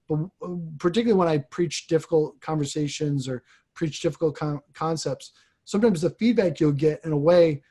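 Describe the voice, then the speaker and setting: A man, a priest, talking reflectively in a casual conversation, pausing and restarting his sentences often. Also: on the high side, a little mellow. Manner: reflective, halting, frequent restarts.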